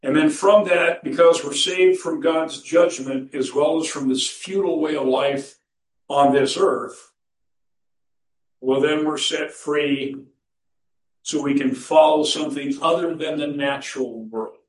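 A man's voice: a little high, measured pace. A man preaching a sermon as pastor, folksy and storytelling, who chuckles at his own anecdotes. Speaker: pastor and counselor. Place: church sanctuary. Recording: roomy church recording from a distance.

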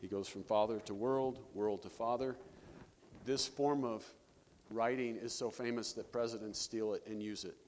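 A man preaching a sermon as pastor, animated, breaking scripture readings with joking asides. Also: lowish voice, normal speed, a little hiss or hum. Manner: animated, jokey asides, reads scripture with rising emphasis. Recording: long reverb of a hall.

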